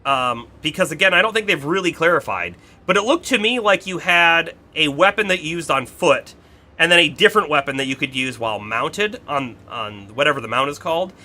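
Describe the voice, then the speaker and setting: A man's voice: fairly high pitch, sharp tone. A man streaming a video game, rambling casually and correcting himself as he goes. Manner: rambling, self-correcting, laughs often. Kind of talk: casual gameplay commentary.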